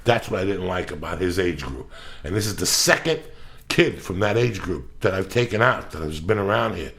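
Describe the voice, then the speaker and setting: A man's voice: deep voice, very animated, normal speed, fairly bright tone. A middle-aged man hosting a podcast, ranting in a casual, profane, emphatic way. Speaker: podcast host.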